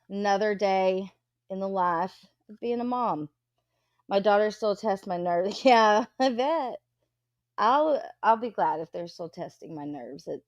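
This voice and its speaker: A woman's voice: mid-range voice, no echo, highs cut off. Woman, thirties, live stream host, blunt and swearing, dry close sound. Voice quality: profane, blunt. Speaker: livestream host. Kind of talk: casual chat reading out viewer comments.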